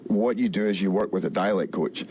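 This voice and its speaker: Scottish man explaining accents, low voice. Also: a little mellow, a little hiss or hum. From Scotland. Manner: explains in halting restarts, demonstrates sounds. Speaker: actor interviewed. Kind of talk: archive interview clip.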